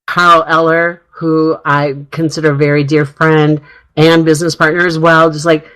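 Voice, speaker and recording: Chatty woman radio co-host, low voice. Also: level tone, moderate pace, fairly bright tone, low-quality recording. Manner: chatty storyteller, laughs often, acts out quoted dialogue. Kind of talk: casual radio chat.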